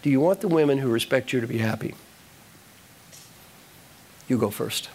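A man giving a live motivational talk to an audience, animated and repetitive, giving direct instructions. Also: medium pitch, normal speed. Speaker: motivational speaker.

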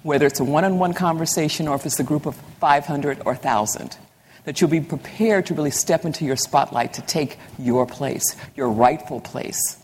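A woman's voice: low-pitched, normal speed, darkish tone, a little hiss or hum. A woman giving a motivational keynote talk, emphatic and repeating lines for effect. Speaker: keynote speaker. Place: large hall. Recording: hall reverb.

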